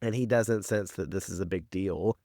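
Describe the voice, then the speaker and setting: Talking at a normal speed in a low, slightly mellow voice, this man co-hosts a podcast and recaps a TV episode. The conversation is rambling and casual, full of fillers and curse words, captured in a clean, dry studio recording.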